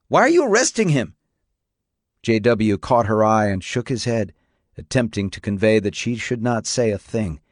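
Low-voiced man narrating an audiobook. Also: no echo, clean studio sound.

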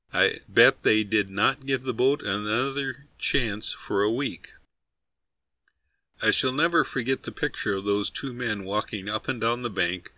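A man narrating a humorous story in a steady, wry reading voice. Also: medium pitch, no room sound.

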